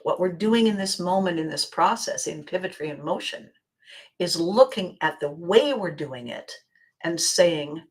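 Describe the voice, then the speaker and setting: A woman hosting her own podcast, speaking a reflective motivational monologue with slow, deliberate phrasing and drops into near-whispers. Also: lowish voice, expressive. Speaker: podcast host.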